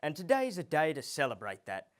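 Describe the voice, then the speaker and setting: A man hosting a mock TV comedy show, his fairly high voice swinging widely between big, showy announcements and flat asides. He has a lively, hammy host delivery. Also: brisk.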